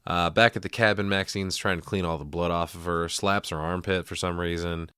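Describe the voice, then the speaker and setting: A man's voice: deep voice, fairly even intonation, brisk, sharp tone, clear, resonant tone, dry recording, clean studio sound. A man co-hosting a podcast, casually recapping a horror movie scene by scene with profane jokes and laughter. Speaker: podcast co-host. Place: podcast studio.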